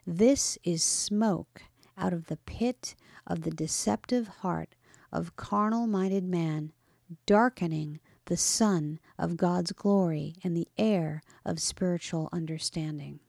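Warm, low-voiced woman reading a devotional. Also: creaky, no room sound, studio quality. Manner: measured, earnest and solemn. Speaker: devotional reader.

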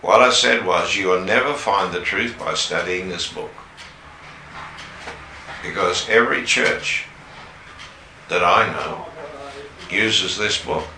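A man preaching a sermon, slow and emphatic, pushing up on the key words. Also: low-pitched, sharp tone, slight background noise. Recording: echoey room with faint ambience.

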